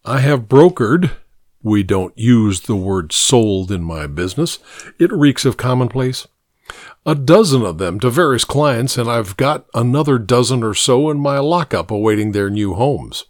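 A man's voice: mid-range voice, animated, normal speed, no room sound. A man narrating a first-person story in a dry, wry way.

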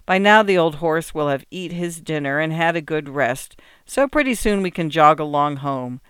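A man's voice: a little high, animated, moderate pace, a bit bright, clear, resonant tone, no echo, clean studio sound. A man reading a cheerful farmer father. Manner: plain, homely country speech.

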